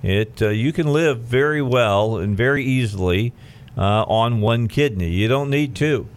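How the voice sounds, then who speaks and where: A radio talk show host with a clear, resonant, mid-range voice chats with his guests in a halting, conversational style full of fillers. Upbeat station breaks punctuate the show.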